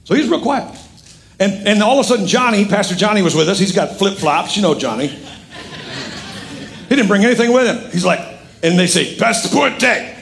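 Preaching at normal speed with long pauses, a middle-aged pastor speaks in a high-sitting voice. His sermon is lively, jokey storytelling where he voices the other people's lines himself.

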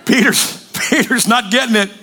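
A man's voice: extremely high pitch, normal speed. A man preaching a sermon, telling stories with jokes and acted voices. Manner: joking, animated storytelling with acted voices. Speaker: pastor.

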